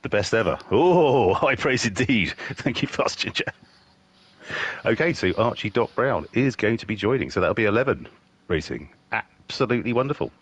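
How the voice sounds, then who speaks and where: A man with a very deep, low-pitched voice, commentating a race in a loose, chatty way. He is jovial and laughs easily, bantering between remarks. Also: expressive, moderate pace, a bit bright, highs cut off, a little hiss or hum. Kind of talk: casual live race commentary.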